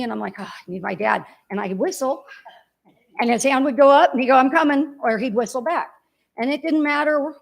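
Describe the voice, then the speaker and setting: Woman giving a rambling eulogy, gravelly. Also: on the high side. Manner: heartfelt, rambling storytelling. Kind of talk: personal eulogy at a memorial service. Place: church.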